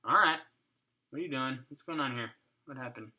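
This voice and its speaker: A man's voice: medium pitch, a little fast, muffled recording. A man hosting a casual coding tutorial at his home desk, thinking aloud, muttering to his code and joking with mild swearing. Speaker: programming tutorial host. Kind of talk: casual screencast coding walkthrough.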